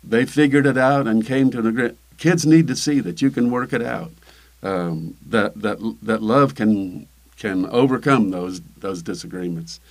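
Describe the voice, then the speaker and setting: An older man, a pastor, talking casually in an interview, halting with many fillers and restarts. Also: lowish voice, darkish tone.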